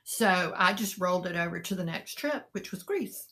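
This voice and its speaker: A woman's voice: on the low side, lively intonation, moderate pace, bright, forceful tone. A middle-aged woman, chatting casually and rambling to live viewers, greeting them by name. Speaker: live-sale seller and vlogger.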